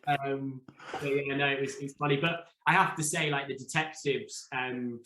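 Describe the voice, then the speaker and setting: A man's voice: medium pitch, level tone, normal speed, crowd noise. Man, casual rambling storytelling, echoey room. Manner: rambling, lots of "like" and restarts. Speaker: podcast guest, former reality show contestant.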